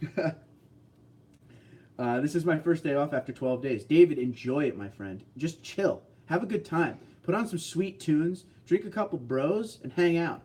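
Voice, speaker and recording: Tired, laid-back livestream host. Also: male voice, mid-range voice, darkish tone. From New Jersey, US. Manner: laid-back, chuckling, tired but upbeat. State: short on sleep. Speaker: livestream host reading chat. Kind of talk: casual livestream chat.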